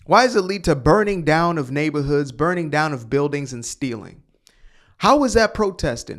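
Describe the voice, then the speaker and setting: Heated male commentary host, somewhat high voice, preachy rant. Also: lively intonation, moderate pace. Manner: heated, preachy, swears, rhetorical questions.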